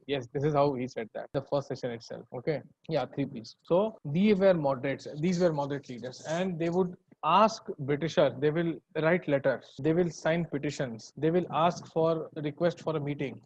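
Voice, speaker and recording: A man's voice: on the high side, normal speed, hardly any pauses, darkish tone, no echo, lo-fi sound. A male teacher with an Indian English accent giving a conversational online lecture, dropping in Hindi words.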